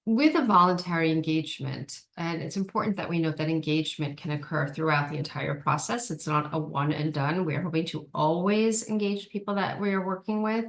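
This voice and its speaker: A woman giving an online training presentation, explaining steps carefully with frequent ums and small restarts. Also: low-pitched. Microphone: video call.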